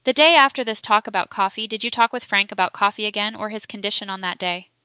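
A woman reading the lines of a forceful male prosecuting solicitor, pressing and emphatic in his questions. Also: mid-range voice, quick pace, smooth, no room sound, natural voice.

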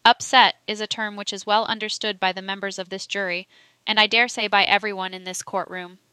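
Woman voicing a male prosecutor in a courtroom account, pressing, emphatic, bright clear tone. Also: medium pitch, level tone, fairly quick, no room sound, close to an everyday voice. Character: forceful male prosecuting solicitor, insistent.

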